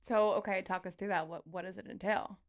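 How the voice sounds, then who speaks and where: A woman co-hosting a podcast, interviewing a guest in casual chat with quick follow-up questions. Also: medium pitch, fairly even intonation. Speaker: podcast co-host.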